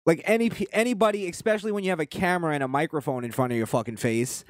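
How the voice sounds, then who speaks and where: A man's voice: on the high side, dry recording, clean studio sound. A man ranting through heated, profanity-laced political commentary and reading viewer comments aloud. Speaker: commentary channel host.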